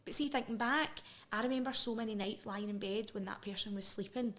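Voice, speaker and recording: A woman's voice: on the high side, a little fast, a bit bright. Frank Scottish woman telling her story. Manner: frank and emotional, with frequent restarts. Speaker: interview guest. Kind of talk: candid personal interview.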